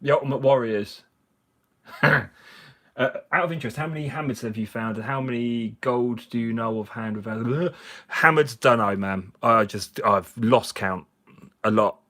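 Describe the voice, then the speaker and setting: A slightly tipsy man hosts a live chat with viewers while cleaning finds, keeping it jokey, chatty and laughing a lot. His voice is medium in pitch and fairly bright, at a moderate pace.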